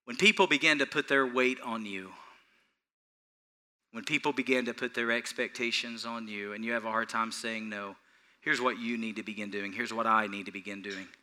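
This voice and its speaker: In a church, a pastor with a fairly low male voice delivers an earnest, animated sermon at a moderate pace. He chuckles between points and repeats phrases to drive them home.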